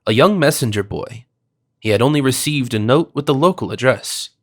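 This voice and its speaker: A man voicing a polite, flustered gentleman who answers questions eagerly. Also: mid-range voice, expressive, a little fast, lightly acted.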